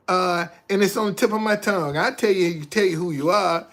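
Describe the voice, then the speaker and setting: A man hosting a casual livestream, talking back to commenters in an animated, repetitive way and laughing often. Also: sits high, fairly quick. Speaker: livestream host.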